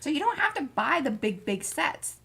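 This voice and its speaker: A woman's voice: high-pitched, big pitch swings, moderate pace, creaky, a bit bright. A woman co-hosting a craft livestream, chatting casually, greeting viewers and reading out their comments. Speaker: livestream co-host reading the chat.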